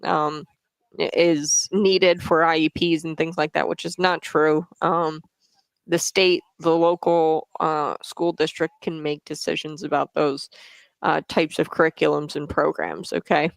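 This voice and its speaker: Gravelly-voiced woman commentary host. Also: sits low, flat delivery, unhurried, no room sound. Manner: chatty, frequently tags "okay?"; stumbles over names. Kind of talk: casual political commentary.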